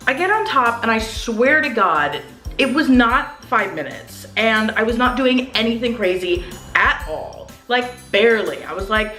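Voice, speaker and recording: A young woman vlogger telling a dating story to camera in a blunt, profane, animated way. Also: fairly high pitch, measured pace. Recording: roomy echo, faint music.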